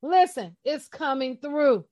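Woman bible teacher, high voice, unhurried delivery, passionate and emphatic casual sermon. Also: lively intonation, a little mellow, lo-fi sound. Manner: impassioned, emphatic, talks straight to listeners.

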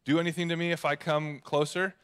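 A man's voice: on the high side, little pitch movement, brisk, fairly bright tone, clean tone, natural voice. A man voicing a frightened, thirsty young girl who speaks hesitantly during a sermon. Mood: timid. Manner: hesitant, timid.

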